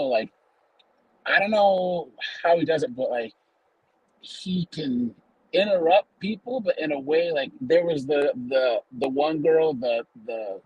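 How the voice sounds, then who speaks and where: Husky male guest, rambling casual chat, dry close sound. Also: on the high side, no echo, rough recording. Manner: rambling, joking, many fillers. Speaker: panel guest.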